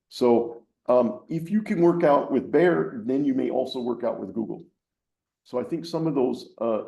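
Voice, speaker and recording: A man's voice: fairly low pitch, vocal fry, mellow, roomy sound. A man giving a webinar answer as keynote speaker, hesitant with many ums.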